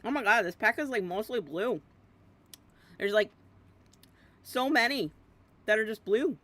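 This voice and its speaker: Her voice is fairly high, expressive, unhurried, and fairly bright as she streams a video game with rambling, giggly chatter that leaps between topics. Between bites she mumbles "yum" and "nom" to herself.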